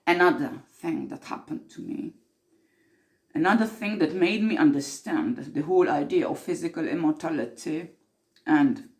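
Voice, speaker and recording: A woman's voice: low-pitched, normal speed, a little mellow. A woman playing an earnest mystic who tells of time slips in an improvised monologue, intense and repeating herself for emphasis.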